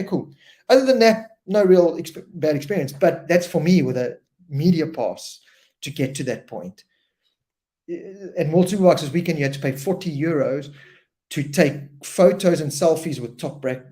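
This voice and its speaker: A man hosting a casual live-stream chat, talking in a loose and animated way and often repeating words as he tells a story. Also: a little high. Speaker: host.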